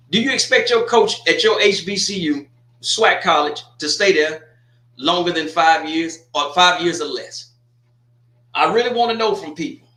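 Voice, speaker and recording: A man's voice: high voice, bright, forceful tone, echoey room. A sports livestream host, chatting loosely and jokingly straight to his viewers. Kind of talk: casual livestream commentary.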